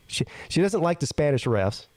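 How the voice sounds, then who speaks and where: A male host of a live sports talk show with a slightly high, very lively voice. He chats loosely, stumbling over restarts. His voice sounds dry and close. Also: measured pace, dry recording. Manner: chatty, stammers and restarts, laughs often. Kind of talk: casual live-stream chat.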